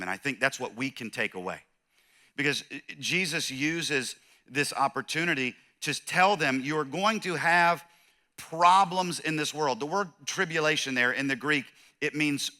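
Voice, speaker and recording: A pastor giving a conversational sermon, telling a story with animated, self-deprecating humor. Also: male voice, medium pitch. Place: church.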